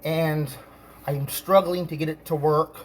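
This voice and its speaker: A man telling a story in an angry rant, stammering and repeating himself, now and then bursting into shouts. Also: a little high, steady tone, measured pace, slight background noise. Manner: many restarts and stammered repeats. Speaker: vlogger.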